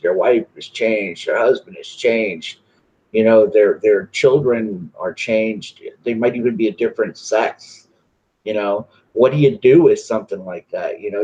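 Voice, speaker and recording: A man with a low voice hosts a casual interview, talking in a rambling way full of fillers and restarts. His sound is dull and muffled, with a lo-fi recording. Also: darkish tone. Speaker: interviewer, host.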